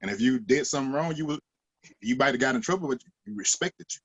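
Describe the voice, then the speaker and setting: A former linebacker, talking emphatically in a roundtable chat and jumping higher in pitch when he acts out other people. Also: expressive, quick pace, fairly bright tone, breathy edge.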